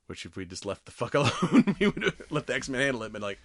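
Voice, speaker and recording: A man's voice: medium pitch, big pitch swings, fast, few pauses, fairly bright tone, dry recording, studio quality. A man hosting a podcast, animatedly retelling a story with plenty of swearing. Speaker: podcast host. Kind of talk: casual chat.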